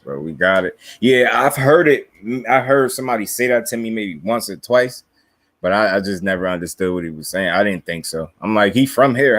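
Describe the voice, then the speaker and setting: Jersey dude chatting boxing on his live stream, kinda low voice, chuckles a lot, dry sound up close. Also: a bit bright, dry recording. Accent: New Jersey. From New Jersey. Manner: laid-back, chuckling, slangy. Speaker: boxing livestream host. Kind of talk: casual live-stream chat reading viewer comments.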